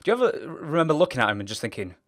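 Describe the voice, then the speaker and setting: A man's voice: a little high, very animated, very fast. A man hosting a casual interview, asking long rambling questions full of fillers. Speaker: interview host.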